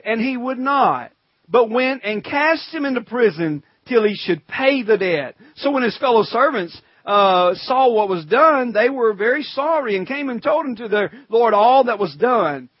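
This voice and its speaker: A pastor preaching a sermon in a conversational way, calling out to the congregation and reading scripture in old-fashioned wording. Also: male voice, extremely high pitch, animated, moderate pace, no room sound, highs cut off.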